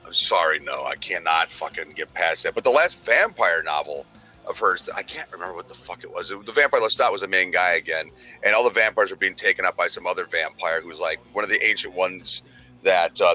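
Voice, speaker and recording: A man's voice: deep voice, animated, brisk, sharp tone. A man co-hosting a gaming news show, telling rambling, profane stories in casual chat. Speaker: podcast co-host.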